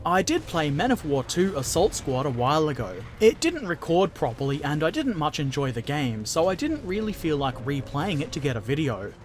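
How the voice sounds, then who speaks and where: A man's voice: fairly high pitch, very animated, moderate pace, hardly any pauses, soft background music. A man hosting a gaming channel, casually answering viewer comments with jokes and silly put-on voices.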